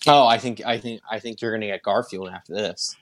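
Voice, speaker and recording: A man, a comedian guest, talking in a deadpan, teasing way on a podcast. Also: lowish voice, fairly quick. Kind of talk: casual podcast chat.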